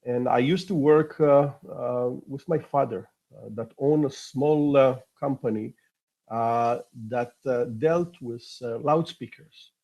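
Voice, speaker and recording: Hesitant husky Israeli man. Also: medium pitch, dark tone, dull audio. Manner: hesitant, many drawn-out uh fillers. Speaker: rabbi, panelist. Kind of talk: personal storytelling on a live panel.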